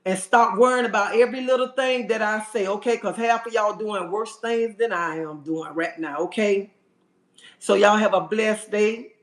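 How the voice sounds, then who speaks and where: Ranting on his livestream, a man addresses viewers as "honey" and keeps asking "okay?" in a sassy, forceful manner. His voice sits high and moves at a moderate pace, with an echoey room audible in the recording.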